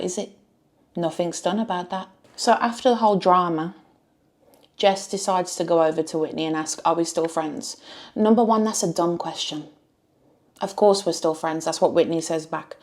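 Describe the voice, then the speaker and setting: Exasperated woman, low voice. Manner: exasperated, fires rhetorical questions. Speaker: reality show reviewer. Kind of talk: reaction review rant.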